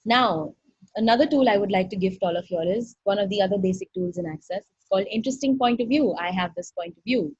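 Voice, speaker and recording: Husky-voiced woman leading an online workshop. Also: mid-range voice, fast talker, darkish tone, no room sound. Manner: effusive, earnest, quotes dialogue animatedly. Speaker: workshop facilitator. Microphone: video call. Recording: dull dry video-call audio.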